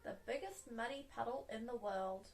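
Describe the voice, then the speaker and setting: A woman reads a children's picture book aloud in a soft, expressive way. Her voice sits a little high, with a gentle storytime lilt. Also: moderate pace, low-quality recording.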